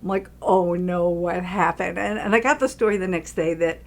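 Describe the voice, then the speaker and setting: A woman's voice: fairly low pitch, moderate pace, creaky. A woman from New York, a film producer, telling stories in casual chat and acting out what people said. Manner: animated storyteller, acts out quotes.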